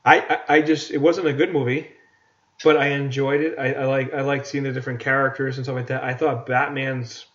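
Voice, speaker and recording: A man's voice: medium pitch, little pitch movement, brisk, fairly bright tone. A man co-hosting a casual podcast, ranting about movies and stumbling over repeated words. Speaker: podcast co-host. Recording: dull lo-fi podcast audio.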